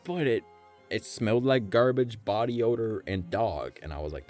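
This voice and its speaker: A man's voice: fairly low pitch, animated, normal speed, a little mellow, soft background music. A young man streamer telling a story in a rambling, profane, conversational way. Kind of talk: casual storytelling on a live stream.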